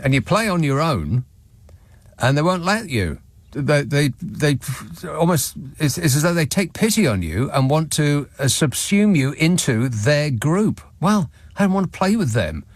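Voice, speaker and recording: A man's voice: a little high, big pitch swings, a little slow, no echo. A man hosting a radio phone-in, reading listener messages in a dry, sardonic way with wry chuckles. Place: radio studio. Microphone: studio microphone.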